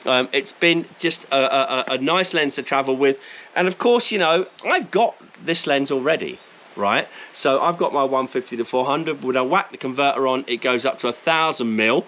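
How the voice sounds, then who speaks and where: A Cockney wildlife photographer, outdoors in the bush, reviews his gear to camera with chatty enthusiasm and self-mocking jokes. His mid-range voice moves at normal speed with a bit of brightness, and the rough recording has slight background noise.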